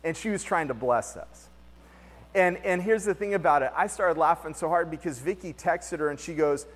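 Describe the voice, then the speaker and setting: A man delivers a casual, storytelling sermon, his voice pitched a little above the usual. He talks in loose, slangy phrases, and a long hall reverb trails behind his words. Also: moderate pace. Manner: lively, slangy, storytelling preacher. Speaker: pastor. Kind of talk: conversational sermon. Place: church hall.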